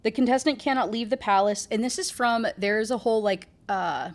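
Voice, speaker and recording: A female book reviewer with a fairly high voice talks a little fast as she recaps a novel. Her chat is casual and rambling, peppered with sarcastic asides and constant use of "like."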